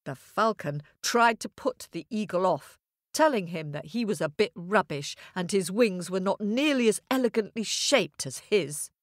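This woman has a mid-range voice and a moderate pace as she narrates a children's fable. Lively and playful, she talks straight to the young listeners, recorded at studio quality with no room sound.

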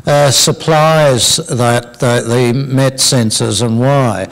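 A man's voice: medium pitch, slow pace, creaky, few pauses, poor audio. A man on a discussion panel, talking hesitantly with many fillers and putting a question to the audience. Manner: hesitant, lots of ums, quizzes the audience.

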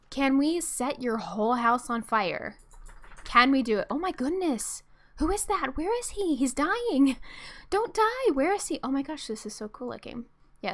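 A woman's voice: fairly high pitch, fairly bright tone. A young woman streamer giving bubbly, giggly let's-play commentary and chatting to her game characters. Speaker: gameplay streamer.

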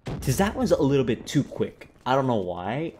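A man's voice: mid-range voice, very animated, normal speed, a little mellow, slight background noise. A young man giving live commentary over a shooter game, frustrated and swearing at opponents. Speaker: gaming YouTuber.

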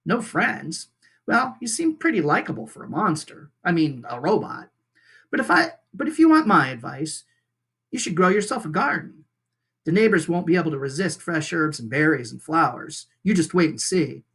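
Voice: mid-range voice, very animated, moderate pace, a bit bright, slightly rough, heavily acted. A reader doing a grumpy stubborn beaver.

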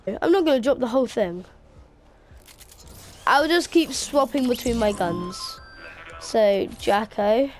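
A woman's voice: on the high side, expressive, takes it slowly, pauses often, soft background music. A woman gamer in casual chat while playing, joking and rambling on a headset mic.

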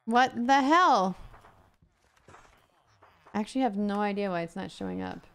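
A woman's voice: mid-range voice, huge pitch swings, normal speed, smooth. A young woman streaming a game live, chatting playfully with viewers and thanking them for support. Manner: playful, talks to viewers and game characters, reads out donations. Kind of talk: casual live-stream chat while gaming.

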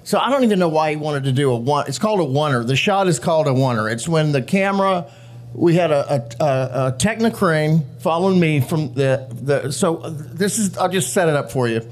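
A high-voiced actor, appearing as a guest at a live show venue, tells set stories to an audience at a brisk clip. He's animated, laughs as he goes, and acts out the quotes.

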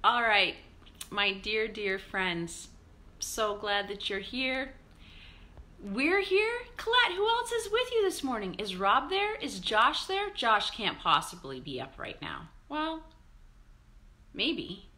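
A woman's voice: on the high side, very animated, slow, sharp tone. A woman pastor leading a live-streamed morning devotional, chatty and upbeat as she greets viewers by name.

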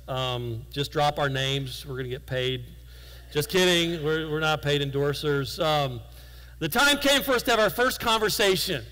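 Bright-voiced man preaching in a hall. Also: fairly high pitch. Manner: conversational storytelling with self-deprecating humor. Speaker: guest preacher. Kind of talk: sermon. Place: church sanctuary.

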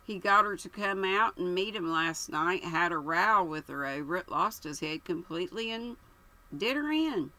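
A woman voicing a placid, tactful middle-aged police superintendent who lays out his theory in a measured way. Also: lowish voice, poor audio. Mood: reasoning. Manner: calm, measured, deferential.

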